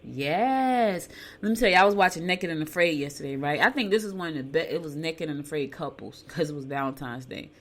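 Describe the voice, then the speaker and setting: A woman's voice: low voice, fast, few pauses. Chatty older woman hosting from home. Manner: chatty, animated storytelling with asides and laughs. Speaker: radio show host. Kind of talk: casual chat reading horoscopes. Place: home studio.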